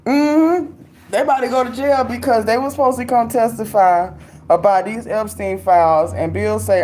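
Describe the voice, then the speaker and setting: A woman's voice: on the high side, normal speed, a little mellow, slight background noise. A young adult woman hosting a casual commentary chat, loose and talkative, laughing often and speaking with slang. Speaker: livestream host reading viewer comments.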